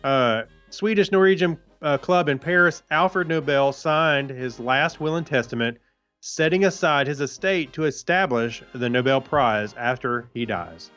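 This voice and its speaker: A man's voice: mid-range voice, unhurried, fairly bright tone, muffled recording, soft background music. A man co-hosting a podcast, reading history items with dry puns and stumbling over some names. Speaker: podcast co-host. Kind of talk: casual chat reading this-day-in-history.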